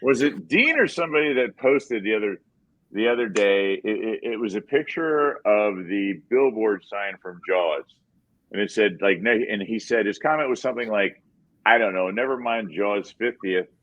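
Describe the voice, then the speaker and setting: A man's voice: on the low side, animated, moderate pace, no room sound, dull audio. A man co-hosting a podcast in casual chat, enthusiastic and often repeating words as he thinks. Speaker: podcast co-host.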